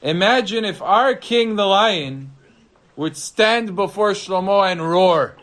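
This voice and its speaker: A rabbi tells a tale with lively drama, his voice rising and dropping sharply as the story builds. His voice sits a little higher than most men's. He speaks like a storyteller holding a room's attention. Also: slow pace. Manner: animated, dramatic swings of pitch and loudness.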